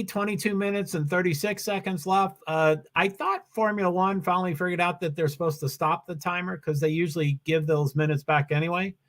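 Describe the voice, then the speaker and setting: A man with a high, fairly bright voice livestreams casual commentary on a race from a desk mic at home. He rambles, stumbles over his sentences and restarts them, all while chatting with his viewers.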